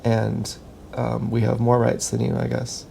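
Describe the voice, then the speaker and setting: Creaky, dark-voiced man rambling. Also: mid-range voice, monotone, a little slow, a little hiss or hum. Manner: meandering, self-mocking, thinks aloud with many restarts; talks while dancing. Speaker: vlogger. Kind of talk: casual rambling monologue.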